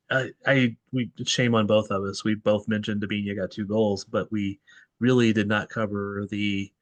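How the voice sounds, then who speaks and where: A man with a fairly low voice hosts a casual soccer podcast, rambling and thinking aloud. The recording is close and dry. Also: dry recording. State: tired. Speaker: podcast host. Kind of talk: casual sports chat.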